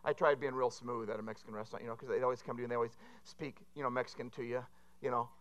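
A man's voice: mid-range voice, steady tone, rapid-fire, a bit bright. A man preaching a sermon, telling rambling, self-deprecating jokes to a congregation. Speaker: pastor. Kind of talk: humorous sermon.

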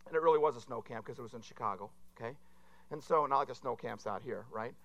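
A man preaching a sermon in an animated, conversational way, often checking in with his listeners. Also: mid-range voice, quick pace, no echo, lo-fi sound. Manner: animated and conversational, with frequent asides to the audience.

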